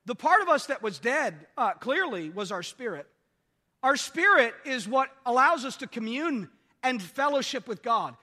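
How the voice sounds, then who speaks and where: A man with a very high, bright, forceful voice delivers a sermon in a church. He repeats his key lines and checks in with the congregation as he goes. The sound rings with a long hall reverb. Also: sing-song, moderate pace. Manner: repetitive call-and-response preaching, asks "are you with me". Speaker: preacher.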